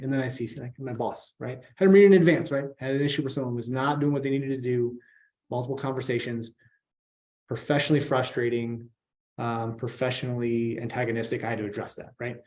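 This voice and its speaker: A man's voice: mid-range voice, fairly even intonation, fairly quick, darkish tone. A man presenting a workshop on professional communication in a casual, conversational way, often checking in with "right?".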